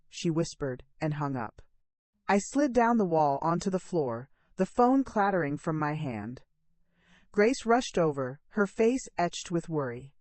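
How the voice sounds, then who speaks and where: Low-voiced woman narrating a dramatic story. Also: sing-song, a little slow, darkish tone, no room sound.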